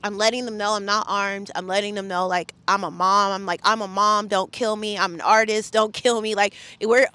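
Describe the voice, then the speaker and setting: A woman's voice: mid-range voice, fairly even intonation, moderate pace, hardly any pauses, pushed and bright, clear, resonant tone. A woman from the Bay Area, a podcast guest, recounting a story in an emphatic, profane, heated way. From San Francisco Bay Area. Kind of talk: casual storytelling interview.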